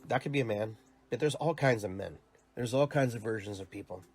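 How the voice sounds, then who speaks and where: Speaking a little fast, this man has a lowish voice that is husky and slightly mellow. He hosts his own show and coaches youth soccer, and he rambles through a casual, earnest, reflective monologue thick with repeated words.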